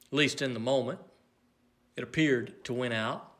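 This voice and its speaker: A man preaching a sermon, earnest and measured, swinging between loud emphasis and near hush. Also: medium pitch.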